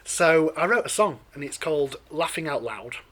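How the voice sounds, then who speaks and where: A man, a singer-songwriter chatting softly and ramblingly to an audience between songs in a studio. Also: fairly high pitch, lively intonation, moderate pace. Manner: soft-spoken, rambling, with many "um"s. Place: studio performance space.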